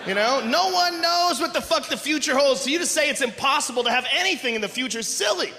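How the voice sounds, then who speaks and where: A man performing a loud, animated stand-up set, often shouting, on a live comedy stage. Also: very high voice, fast. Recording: echoey live venue with audience noise.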